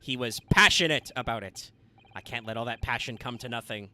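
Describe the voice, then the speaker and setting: A man's voice: medium pitch, a little fast, pushed and bright. A man reading an earnest young would-be lawyer. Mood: determined. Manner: earnest, determined pleading. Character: earnest young male law student. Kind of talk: reading game dialogue aloud.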